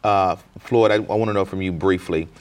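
A low-pitched man hosts a conversation on a business talk show. He asks his questions in an easy, conversational way and keeps the guests going with short words of agreement. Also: fairly even intonation, brisk. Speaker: show host. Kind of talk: interview.

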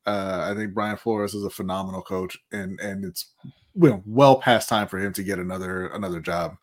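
A man's voice: low voice, expressive, moderate pace. A man co-hosting a casual sports talk show, rambling with lots of fillers and restarts. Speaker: podcast co-host.

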